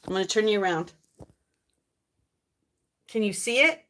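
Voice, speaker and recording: A woman's voice: mid-range voice, expressive, measured pace, pushed and bright, slight background noise. A woman vlogging casually to her viewers from her home kitchen and yard, chatting and talking to herself as she goes. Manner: chatty, talks to herself while cooking.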